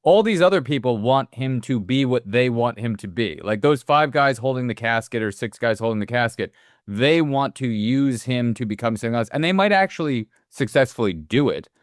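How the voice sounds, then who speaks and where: Smooth-voiced man in lively podcast talk. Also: mid-range voice, no echo, clean studio sound. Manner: animated, quick asides, swears casually. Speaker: podcast co-host. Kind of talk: casual film discussion.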